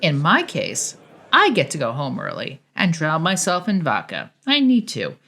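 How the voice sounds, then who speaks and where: Woman narrator, lowish voice with lively pitch swings, first-person audiobook read. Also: moderate pace, gravelly. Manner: expressive, swings pitch widely for dialogue.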